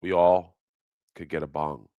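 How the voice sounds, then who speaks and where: Low, slow-talking man hosting a livestream. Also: level tone, clear, resonant tone, no room sound, phone-quality sound. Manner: profane, laughs often, rambling. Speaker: livestream host. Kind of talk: casual live chat.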